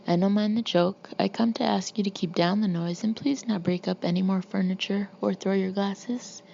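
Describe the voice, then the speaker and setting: A woman's voice: mid-range voice, fairly even intonation, normal speed, gravelly, warm tone, lo-fi sound, natural voice. A woman reading the part of a small, elegant maître d' who pleads politely and uneasily. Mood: pleading.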